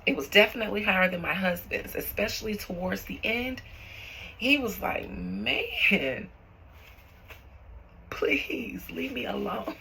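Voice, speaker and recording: A young woman hosting her own channel as a tarot reader, chatting warmly with viewers and calling them boo and y'all as she reads out their comments. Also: mid-range voice, vocal fry, husky. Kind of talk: casual chat to viewers, reading out comments.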